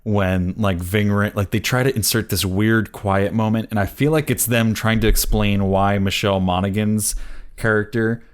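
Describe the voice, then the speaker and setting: A man's voice: on the low side, steady tone, normal speed, smooth. A man co-hosting a casual movie review podcast, rambling with lots of fillers and restarts. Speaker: podcast co-host.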